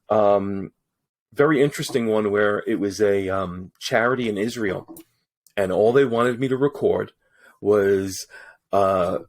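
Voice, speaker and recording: A man who works as a voice-over artist, chatting casually as a podcast guest and telling stories animatedly, with frequent restarts. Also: on the low side. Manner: animated storyteller with many restarts. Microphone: studio mic in his booth.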